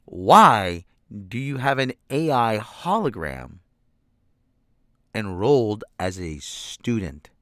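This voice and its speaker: A man's voice: lowish voice, big pitch swings, slow pace, fairly bright tone, no echo, studio quality. A man ranting sarcastically and with profanity while reviewing a show, exasperated throughout. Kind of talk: ranting commentary.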